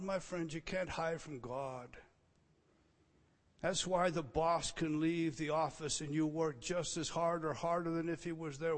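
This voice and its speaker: A man preaching an expository sermon, emphatic, moving between loud declarations and quiet asides. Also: on the high side, gravelly, long reverb tail.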